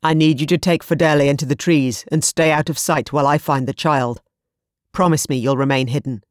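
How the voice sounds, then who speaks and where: A storybook narrator voicing a fierce, protective young husband who speaks firmly and grimly. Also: male voice, fairly high pitch, fairly even intonation, a little fast, dry recording, clean studio sound, lightly acted. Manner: firm, grim, commanding.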